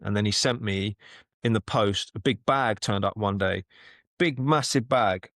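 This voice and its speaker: A man talks casually on a podcast, his voice sitting on the low side. He tells stories in a halting, chatty way, repeating words as he goes. The sound is dry and close, with no room around it. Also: a bit bright, no echo. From London, England. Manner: anecdotal, restarts and repeats words often. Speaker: actor and podcast co-host.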